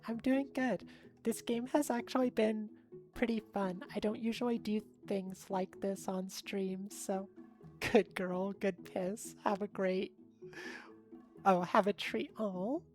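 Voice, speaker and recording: Chatty young woman streamer, slow talker. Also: medium pitch, darkish tone. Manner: bubbly, chatty, laughs often, talks to chat. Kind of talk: casual live-stream chat.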